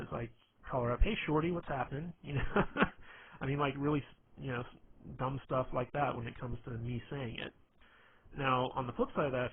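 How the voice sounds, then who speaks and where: A man of middling pitch talks his listeners through how to be funny, loose and rambling, with a "you know" every few words. The sound is narrow and tinny, like a phone line, and a faint hiss sits under it. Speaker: dating and humor advice presenter. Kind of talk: casual instructional talk.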